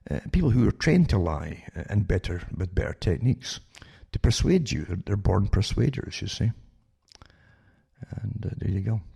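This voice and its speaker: A man's voice: deep voice, vocal fry, warm tone, husky. An older man hosting a talk radio show, rambling with many restarts and sarcastic asides that end in "eh?".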